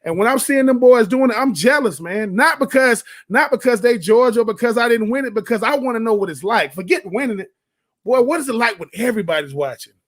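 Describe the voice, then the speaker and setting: A man's voice: extremely high pitch, expressive, a little fast, a bit bright. A man hosting sports radio commentary. He talks in an emphatic, folksy way, preaching in repeated phrases and restarting often.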